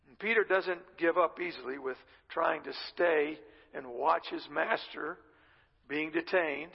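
A man with a high, gravelly voice delivers a sermon, retelling scripture as a relaxed, conversational story. His voice is husky, and it rings out with a long reverb in a church hall. The recording sounds somewhat dull and muffled. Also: measured pace. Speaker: pastor.

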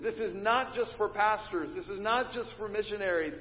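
High-voiced pastor preaching in an echoing hall. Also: male voice, normal speed. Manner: teaching, leads the congregation in call and response. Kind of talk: sermon. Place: church sanctuary. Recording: dull recording in a reverberant church hall.

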